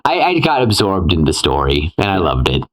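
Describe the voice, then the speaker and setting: A man's voice: sits low, wildly swooping pitch, fairly quick, poor audio. A man co-hosting a casual movie discussion podcast, retelling scenes animatedly and acting out reactions with rambling restarts. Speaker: podcast co-host.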